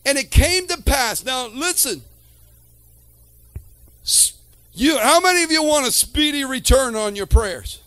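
A man preaching a sermon to a church congregation, swinging from quiet talk to shouted lines and calling out to the room. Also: very high-pitched, expressive, a little slow, pauses often, dry recording. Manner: calls to the congregation.

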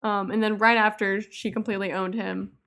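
A woman co-hosting a casual podcast chat about a TV episode, relaxed and reflective, with soft laughs. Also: medium pitch, brisk. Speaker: podcast co-host.

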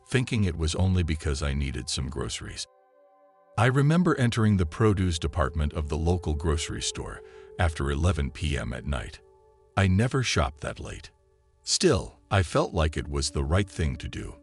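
A man narrating a listener's written story in the first person, in a calm and measured reading style. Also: rumbling low, creaky. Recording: soft music behind the voice.

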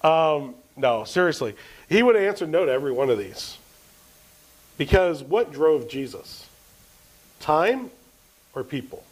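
A man's voice: a little high, sing-song, measured pace, pauses often, low-quality recording. A man preaching a sermon as pastor, asking the congregation questions and answering them, and reading scripture with rising emphasis. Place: church service.

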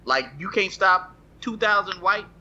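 A man's voice: high-pitched, lively intonation, a little slow, bright, forceful tone. A man joking in a casual group chat, swearing freely. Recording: dull lo-fi recording with faint ambience.

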